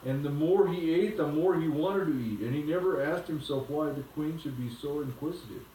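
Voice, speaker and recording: A man reading a children's book aloud to a child, gentle and unhurried. His voice sits a touch high for a man, picked up from a distance in a reverberant room. A faint hum lies underneath.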